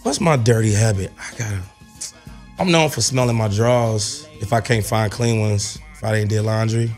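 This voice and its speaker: A man's voice: on the low side, moderate pace, darkish tone, faint music behind. Young male co-host for casual radio banter, loose and joking, swears freely, reads the questions. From Gary, Indiana.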